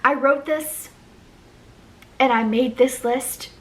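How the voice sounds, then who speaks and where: A woman's voice: high voice, slow pace, a bit bright. A young woman vlogger chatting casually as she ranks songs, gushing and rambling with lots of ums and likes. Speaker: music vlogger ranking songs. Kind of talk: casual chat to camera.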